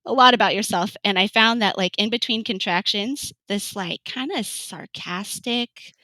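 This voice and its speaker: A woman's voice: medium pitch, moderate pace, sharp tone, dry recording, low-quality recording. A woman in her thirties from California telling her birth story in an interview, chatty, laughing often and acting out what people said. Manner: chatty, laughs often, acts out quoted lines. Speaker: podcast guest.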